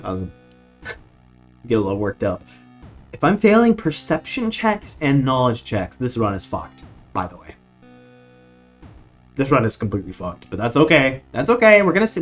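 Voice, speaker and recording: A man streaming a horror board-style game, reading its text aloud and reacting with casual jokes and swearing. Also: medium pitch. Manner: animated, swears casually, jokes at his own bad luck. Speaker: gaming streamer. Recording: dull lo-fi sound with faint music behind.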